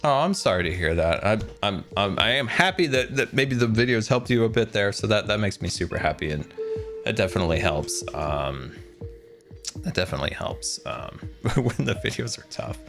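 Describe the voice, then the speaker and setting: A man's voice: on the low side, expressive, fairly quick, hardly any pauses. A man streaming a game, chatting casually and rambling, self-deprecating, with many fillers. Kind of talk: casual game livestream chat. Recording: music playing behind the voice.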